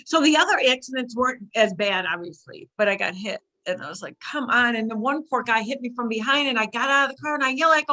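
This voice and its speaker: A woman's voice: fast, few pauses. A woman on a casual talk show, telling a story of her own and acting out what she said at the time. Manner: animated, acts out her own past lines in a shrill cry.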